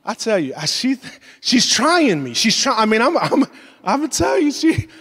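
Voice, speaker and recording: A man in his forties preaching a sermon, telling stories in a lively way and acting out the voices of the people in them. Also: very high-pitched, moderate pace, slightly rough. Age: 40s. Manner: animated storytelling, acts out voices. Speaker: pastor. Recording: long hall reverb.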